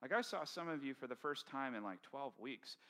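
Man, pastor, sermon, bright voice, conversational, animated storytelling. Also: medium pitch, a little fast. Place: church sanctuary with congregation.

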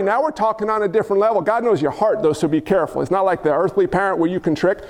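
A man preaching a sermon as pastor, animated and jokey, acting out quotes from his congregation and from God. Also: sits high, quick pace, hardly any pauses. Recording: long hall reverb.

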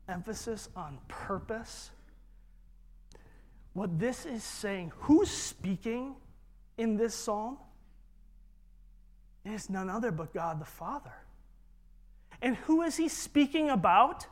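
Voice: mid-range voice, expressive, unhurried, pauses often. A preacher giving an emphatic sermon and leading the congregation in call-and-repeat. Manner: emphatic, leads congregation in repetition.

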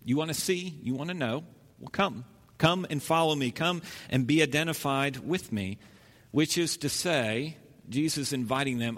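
A man's voice: medium pitch, lively intonation, normal speed, a bit bright. Earnest male preacher in a reverberant hall. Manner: earnest, questioning, with repeated phrases and restarts. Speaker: pastor. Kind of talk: sermon. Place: church sanctuary.

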